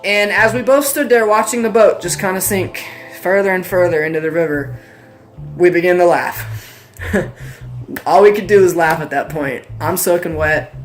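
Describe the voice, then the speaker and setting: Animated self-mocking man. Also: moderate pace, faint music behind. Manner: animated, self-deprecating, with big pitch swings. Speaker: storyteller vlogger. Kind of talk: casual personal storytelling.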